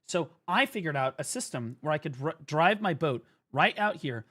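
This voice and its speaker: A young man streaming a game, ranting and swearing excitedly as he explains it. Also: fairly high pitch, moderate pace. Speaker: gaming streamer. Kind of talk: live gaming commentary.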